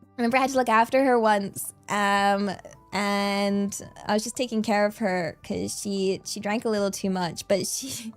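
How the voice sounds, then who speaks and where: A woman's voice: mid-range voice, fairly even intonation, normal speed, soft background music. A young British woman streamer chatting casually with her viewers, bubbly and giggly as she reads out the chat. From Britain.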